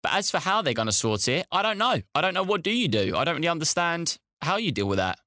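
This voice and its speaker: A man co-hosting a casual podcast chat, rambling with lots of ums and pauses. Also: fairly high pitch, sing-song, pushed and bright, no room sound, clean studio sound. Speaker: podcast co-host.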